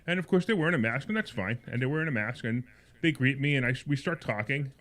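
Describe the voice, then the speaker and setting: A man's voice: mid-range voice, animated, fast, a bit bright. A man hosting a radio call-in show, telling a long rambling personal story and getting more heated and indignant as he goes. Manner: rambling anecdote, repeats words and restarts; grows heated and indignant as he tells it. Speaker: radio talk show host.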